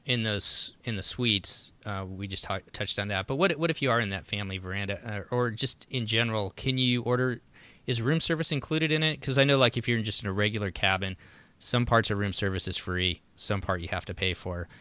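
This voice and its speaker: A man hosting a podcast, asking questions in a relaxed way with many fillers. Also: fairly low pitch, fairly quick, dry recording. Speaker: podcast host. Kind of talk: casual podcast chat.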